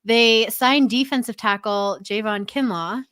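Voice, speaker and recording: A woman's voice: on the high side, measured pace, a bit bright, smooth, no room sound, clean studio sound. A woman co-hosting a casual football podcast, laughing often and ribbing her co-host. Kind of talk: casual sports chat.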